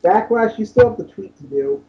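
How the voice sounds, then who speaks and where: A man's voice: sits high, expressive, brisk, mellow. A man co-hosting a casual podcast, making dry, sarcastic remarks. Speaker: podcast co-host. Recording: dull lo-fi mic.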